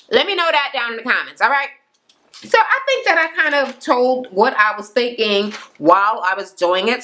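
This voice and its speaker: A woman's voice: mid-range voice, sharp tone. A young woman casually recapping a reality show in a chatty, gossipy way, full of fillers and swearing.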